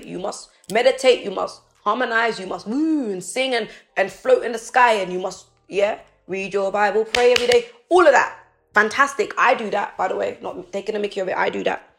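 A woman's voice: mid-range voice, gravelly, a bit bright. A woman giving a passionate, preachy motivational talk on a live stream, pleading with her listeners. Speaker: motivational speaker. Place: indoors, streaming.

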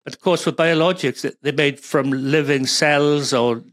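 A man's voice: on the high side, fairly even intonation, moderate pace, fairly bright tone, no echo. A man with a Welsh accent, a guest speaking as a supply chain expert, rambling with many fillers and restarts. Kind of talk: conversational interview.

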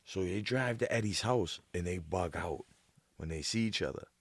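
A man's voice: sits low, lively intonation, moderate pace, husky, no room sound. A man co-hosting a podcast, telling a rambling, profane story in casual chat. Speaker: podcast co-host.

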